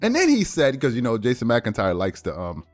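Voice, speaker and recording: Faint music plays behind a sports-show host with a mid-range voice who speaks briskly. Watching a clip, he launches into an animated, disbelieving rant, laughing as he goes in casual sports commentary.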